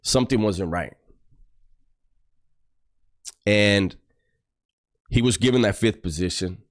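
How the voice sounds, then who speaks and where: A man's voice: fairly low pitch, normal speed. A man telling a story from his past in a casual, blunt, streetwise way. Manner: blunt, profane, streetwise, acts out quotes.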